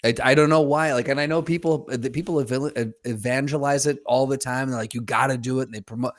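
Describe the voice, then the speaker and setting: A man's voice: medium pitch, fairly even intonation, brisk, dry recording, clean studio sound. Hesitant man in casual chat. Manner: conversational, with hesitant restarts. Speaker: podcast co-host.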